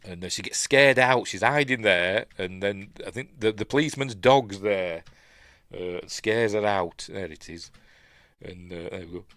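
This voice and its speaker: A man's voice: fairly low pitch, a little slow, fairly bright tone, no room sound, studio quality. A middle-aged man with a Yorkshire accent giving casual, chatty commentary on a film he's reviewing, full of asides and self-corrections. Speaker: film reviewer, channel host.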